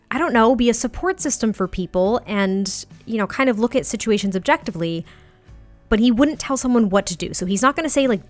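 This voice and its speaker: A woman's voice: a little high, a bit bright, dry recording. Woman, let's play commentary, dramatic reactions, dry close sound, faint background music. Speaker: gaming YouTuber.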